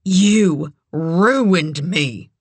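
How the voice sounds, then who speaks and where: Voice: medium pitch, expressive, slow, a bit bright, no room sound. A reader voicing a desperate, pleading woman. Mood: anguished. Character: desperate wounded woman protecting a child. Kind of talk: audiobook character voice.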